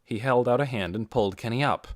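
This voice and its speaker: A man reading an audiobook in a measured way, giving key phrases slow, deliberate emphasis. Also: medium pitch, no echo, studio quality. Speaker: audiobook narrator. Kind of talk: scripted narration.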